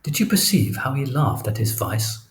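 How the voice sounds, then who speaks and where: A man reading the lines of a cunning, scheming male villain in an audiobook, in a calm, insinuating way. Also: medium pitch, normal speed, natural voice, low-quality recording.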